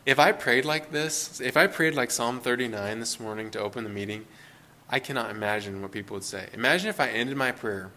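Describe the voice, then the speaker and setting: Bright-voiced man preaching conversationally. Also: mid-range voice, fairly quick, slight background noise. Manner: conversational, self-interrupting, laughing asides. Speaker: pastor. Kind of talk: informal sermon.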